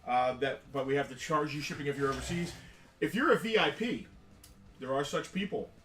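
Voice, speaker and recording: A man's voice: a little high, a little fast, a bit bright. A man co-hosting a live toy sale, chatting casually and explaining at length. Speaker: co-host and toy seller. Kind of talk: casual live-stream sales chat. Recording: echoey room, mic at a distance.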